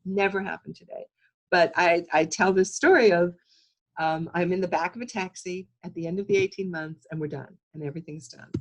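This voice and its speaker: A woman's voice: fairly low pitch, steady tone, fairly quick, low-quality recording. A woman producer telling stories as an interview guest over a video call, emphatic with frequent restarts. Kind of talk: casual interview storytelling.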